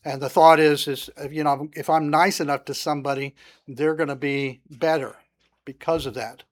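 A man's voice: fairly high pitch, steady tone, moderate pace. A man teaching through a psalm in a conversational sermon, stopping often with "uh" and lifting his voice when reading verses aloud. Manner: conversational, frequent "uh" fillers, rising emphasis on scripture. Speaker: Bible teacher.

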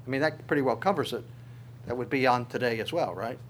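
A man's voice: mid-range voice, normal speed. A male pastor preaching a sermon, reading scripture aloud with his own commentary and asking the congregation rhetorical questions.

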